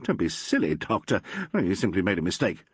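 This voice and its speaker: A blunt, short-tempered businessman who brushes others off, read by a man. The voice is husky and rather low. The recording is dry and close. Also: very animated, brisk, no room sound, heavily acted. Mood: irritable. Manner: irritable and dismissive. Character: peevish, blunt middle-aged businessman.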